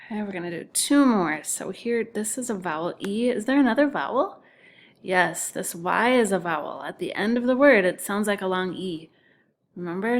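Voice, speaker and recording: A woman's voice: medium pitch, expressive, moderate pace. A woman teaching a recorded phonics lesson to second graders, patiently sounding out words syllable by syllable and often whispering letter names.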